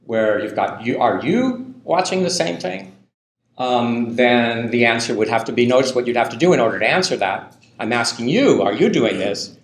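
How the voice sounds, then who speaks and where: A man's voice: medium pitch, fairly quick. Chatty male lecturer in an echoey classroom. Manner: loose and conversational, many ums and tag questions. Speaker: university linguistics lecturer. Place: university lecture room.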